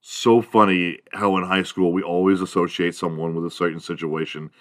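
Male podcast host, fairly low voice, dry close sound, loose swearing comic rant, slips into squeaky impressions. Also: flat delivery, moderate pace, no echo. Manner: rambling, profane, laughs at own jokes; mimics other people in high squeaky voices. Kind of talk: solo comedic monologue.

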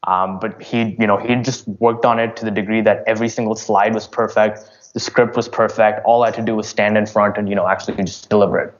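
A man answering interview questions about his business in a casual, halting way, full of fillers and restarts. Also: fairly low pitch, flat delivery, dull audio. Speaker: startup founder.

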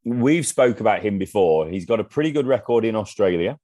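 A very deep-voiced man co-hosting a sports podcast, recorded close and dry with no room sound. He is chatty and enthusiastic, and works steadily down a list of names. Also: lively intonation, fairly quick, mellow, no echo. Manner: enthusiastic, chatty, reads through lists. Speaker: podcast co-host. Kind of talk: casual sports podcast chat.

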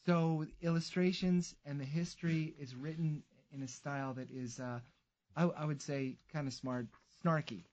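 A man appears as a book author guest in a casual interview, relaxed and a little hesitant. His voice sits slightly high. The sound is muffled and lo-fi. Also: moderate pace. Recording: muffled lo-fi audio.

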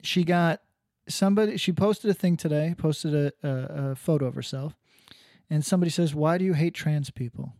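Sardonic rambling man, slightly high. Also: moderate pace, creaky, a little mellow, no echo, clean studio sound. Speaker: podcast co-host. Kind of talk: casual podcast chat.

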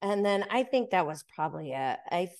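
A woman's voice: lowish voice, brisk. Chatty woman telling a story. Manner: chatty, many fillers and "like", animated when quoting others. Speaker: podcast host. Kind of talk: casual storytelling chat.

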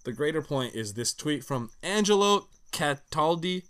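A man's voice: fairly high pitch, expressive, unhurried, fairly bright tone, clear, resonant tone. A man co-hosting a podcast, bantering casually with wisecracks and swearing. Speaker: podcast co-host. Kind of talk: casual chat.

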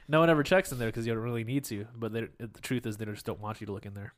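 A man's voice: mid-range voice, brisk. Easygoing laughing male co-host. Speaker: podcast co-host. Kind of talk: casual chat.

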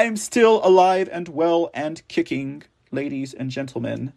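A man's voice: on the high side, expressive, vocal fry. A man hosting a political news show, reading stories aloud with sarcastic, rambling, mocking asides. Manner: slow, drawn-out delivery.

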